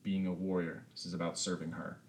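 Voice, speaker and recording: A man's voice: low voice, level tone, brisk, slight background noise. A man voicing a stern, blunt woman warrior who mentors the heroes in a tabletop game.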